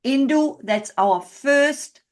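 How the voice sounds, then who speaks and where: A woman couples therapist demonstrating a session to a group, speaking gently and checking in often to validate what she hears. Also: high-pitched, expressive, slow pace.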